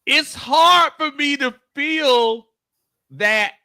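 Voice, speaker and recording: A man co-hosting a casual sports talk show, halting and repeating his words as he argues a point. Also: very high voice, pushed and bright. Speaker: co-host.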